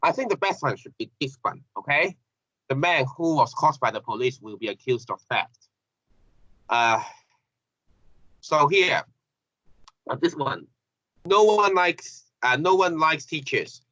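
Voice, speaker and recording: A man teaching an English grammar lesson, halting and repeating phrases with many fillers. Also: medium pitch, sing-song, bright, forceful tone, no echo. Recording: dull lo-fi classroom recording.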